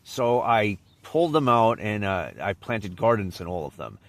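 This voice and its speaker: A man's voice: lowish voice, very animated, moderate pace, a bit bright, no echo. A man telling a personal anecdote in a casual, rambling way, often restarting and trailing off. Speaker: vlogger.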